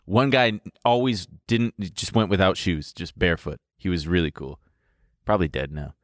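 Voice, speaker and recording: A man's voice: deep voice, normal speed, no echo, studio quality. A man co-hosting a podcast in casual, joking chat, goofy and teasing. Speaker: podcast co-host.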